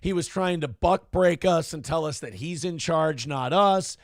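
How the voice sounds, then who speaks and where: A man's voice: on the high side, measured pace, dry recording, studio quality, close to an everyday voice. A man voicing a blunt, unapologetic male CIA agent who talks in a crude, matter-of-fact way.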